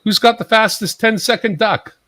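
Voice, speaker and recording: A man's voice: high voice, steady tone, moderate pace, pushed and bright, no echo, rough recording. A man hosting a casual live stream, commenting in a joking, self-mocking, chatty way. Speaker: livestream host.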